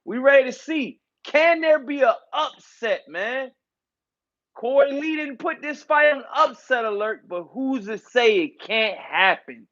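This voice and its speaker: A high-pitched man calls a boxing fight live for his stream, loose and excitable, tossing in "man" and "y'all" constantly. His home mic sounds a little dull and muffled. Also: measured pace. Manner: loose, hyped, repeats catchphrases and fillers like man and y'all. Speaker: boxing commentator and channel host.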